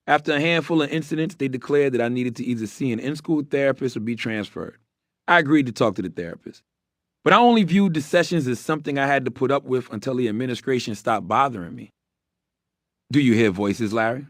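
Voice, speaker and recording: A man's voice: medium pitch, expressive, fast, no echo, clean studio sound. A middle-aged man narrating his memoir in a candid, wry storytelling manner with blunt, profane asides.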